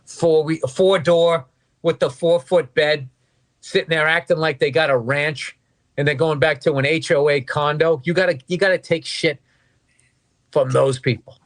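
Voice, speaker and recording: A man's voice: fairly high pitch, steady tone, normal speed. A man co-hosting a podcast in casual sports chat, ranting with sarcastic, profane asides. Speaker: podcast co-host.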